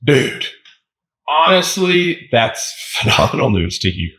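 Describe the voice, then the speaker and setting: A man co-hosting a podcast in casual chat, animated and laughing often, slipping into joke accents. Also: mid-range voice, slow, breathy edge. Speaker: podcast co-host.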